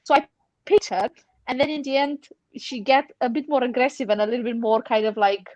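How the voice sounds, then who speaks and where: High-voiced woman, dry close sound. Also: brisk, dry recording, rough recording. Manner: animated retelling, acting out quoted voices. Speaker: podcast panelist and mentor. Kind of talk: casual podcast storytelling.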